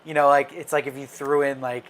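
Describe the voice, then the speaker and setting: A man with a mid-range voice hosts a live fan chat about films, speaking briskly with a flat delivery. He's casual and opinionated, responding to viewer comments as they arrive, and his loose speech is full of fillers and restarts.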